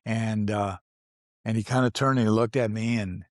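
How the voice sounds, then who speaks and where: A man's voice: on the low side, fairly even intonation, moderate pace, no room sound, clean studio sound. A man in his sixties, an actor as a guest, telling stories in a casual interview, rambling, restarting often and laughing as he goes. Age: 60s.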